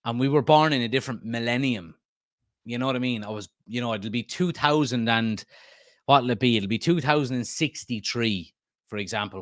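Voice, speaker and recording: A man's voice: medium pitch, a little fast, fairly bright tone, dry recording, clean studio sound. A man, hosting a football fan live stream, reading comments aloud and rambling casually with many fillers. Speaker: host of a football fan channel.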